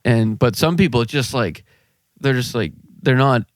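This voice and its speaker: A man's voice: medium pitch, normal speed, no echo. A man co-hosting a podcast, casual chat, rambling and searching for his words. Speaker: podcast co-host.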